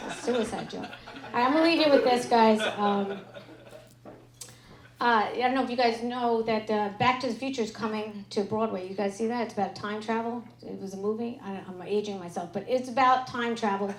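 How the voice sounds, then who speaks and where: A woman's voice: fairly high pitch, brisk, slight background noise. A woman performing a brash, profane stand-up comedy set on a club stage, speaking into a handheld mic. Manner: brash, profane, punchy delivery. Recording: echoey club with loud crowd. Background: audience laughter.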